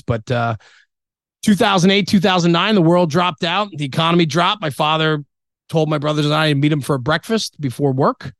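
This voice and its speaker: A man's voice: fairly high pitch, dry recording. A middle-aged man, a firefighter guest on a podcast, telling his story in a candid, blunt way with mild swearing and many fillers. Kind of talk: casual interview storytelling.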